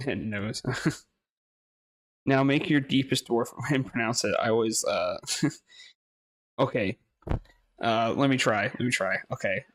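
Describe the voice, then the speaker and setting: A man's voice: medium pitch, a bit bright, no room sound. A man casually talking through a game, hesitant and rambling, laughing often and swearing now and then. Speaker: gaming streamer. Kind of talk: casual gameplay commentary.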